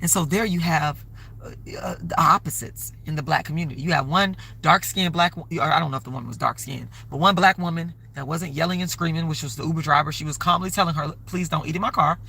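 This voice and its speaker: A woman's voice: low voice, fast, gravelly, bright, forceful tone, husky. A woman hosting a live stream, talking casually and rambling, often stopping to ask for donations. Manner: rambling, conversational, keeps plugging donations. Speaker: livestream host.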